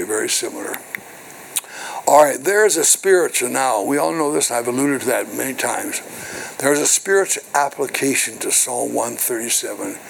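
A man's voice: mid-range voice, normal speed, gravelly, slight background noise, poor audio. An older man, a minister, preaching a sermon to his congregation, reading scripture and then explaining it with call-and-response asides. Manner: call-and-response preaching with repeated "hello" and "right". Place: church.

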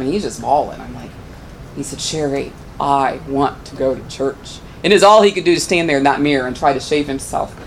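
A woman's voice: slight background noise, poor audio. Earnest woman telling a church testimony. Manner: earnest storytelling, pitch rising when moved. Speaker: church member giving testimony.

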